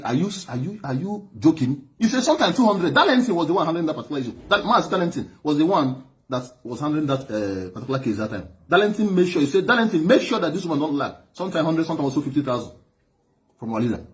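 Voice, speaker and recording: Man, Nigerian accent, Igbo speaker, storytelling speech, animated, repeats himself, swinging pitch. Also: fast talker. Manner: animated, repeats words and laughs often. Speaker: speaker addressing an audience.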